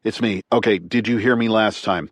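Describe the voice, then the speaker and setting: A man's voice: on the low side, normal speed, dry recording, close to an everyday voice. A man voicing a tough former military man who talks in clipped, urgent, profane bursts. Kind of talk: audiobook character reading.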